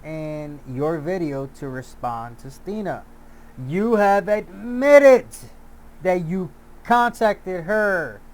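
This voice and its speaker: A man's voice: high-pitched, expressive, slow. A man delivering a heated, profane commentary rant, often repeating himself and restarting his sentences. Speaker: YouTube commentator. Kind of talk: angry ranting commentary.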